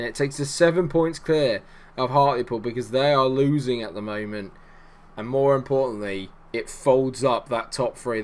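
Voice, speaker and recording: Here a male YouTuber calls his own game live, cracking jokes and getting worked up, then erupting into shouts when his team scores. His voice is pitched in the middle range.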